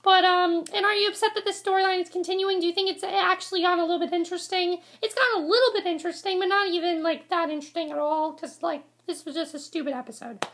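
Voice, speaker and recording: This is a woman with a strikingly high voice, talking straight to her viewers in a casual review rant. Her tone is bright and forceful. She sounds exasperated and rambles, repeating the same complaints again and again. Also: steady tone, quick pace, hardly any pauses. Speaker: vlogger reviewing a TV episode. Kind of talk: casual ranting review to camera.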